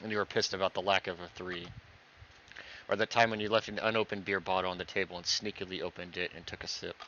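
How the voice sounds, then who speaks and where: Deep-voiced man reading game dialogue. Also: flat delivery, quick pace, bright, forceful tone, a little hiss or hum. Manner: reads every character's lines himself, acting out stammers. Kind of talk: voicing visual novel dialogue. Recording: dull lo-fi recording.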